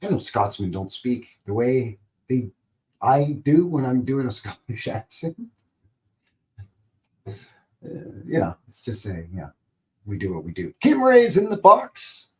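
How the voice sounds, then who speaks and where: A man's voice: lowish voice, lively intonation, measured pace, pauses often, warm tone. A Canadian man hosting a casual livestream, rambling and enthusiastic, often chuckling. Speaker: livestream host. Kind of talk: casual live-show chat.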